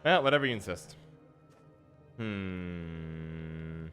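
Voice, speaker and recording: A man's voice: deep voice, animated, very slow, fairly bright tone, soft background music. Chatty man commentating a card game. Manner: chatty, playful, talks to chat and opponents. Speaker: gaming streamer.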